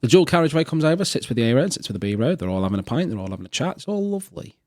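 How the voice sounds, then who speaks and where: A man's voice: mid-range voice, very fast, no room sound. A man co-hosting a comedy podcast, telling sweary jokes in casual chat. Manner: animated, sweary joke-teller. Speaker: podcast co-host.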